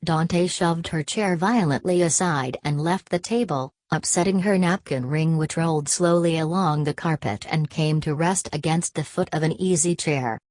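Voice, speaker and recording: A woman reading a classic novel aloud as an audiobook narrator, in a steady, even manner. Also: low voice, moderate pace, hardly any pauses, no room sound. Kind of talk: scripted narration.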